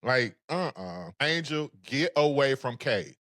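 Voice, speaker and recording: A man co-hosting a casual recap show, talking in a sassy, animated way. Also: mid-range voice, slow pace, no room sound, studio quality. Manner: sassy, animated, sings phrases. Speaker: podcast co-host.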